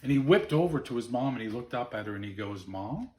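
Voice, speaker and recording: Animated storytelling man. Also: mid-range voice, fast, reverberant. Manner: animated, playful, acts out dialogue. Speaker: storyteller, moose tour guide. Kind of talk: casual stage storytelling.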